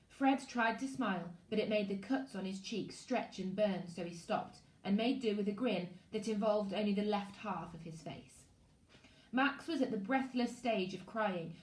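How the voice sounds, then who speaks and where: Woman teacher reading a kids' novel aloud, expressive, echoey room, mid pitch. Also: moderate pace. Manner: expressive storytelling, shifting voices for characters. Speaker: primary school teacher.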